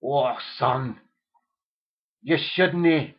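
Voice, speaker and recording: A man voicing an older Scottish father giving solemn advice, slow and weighty, in a mock Scottish accent. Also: medium pitch, dull audio.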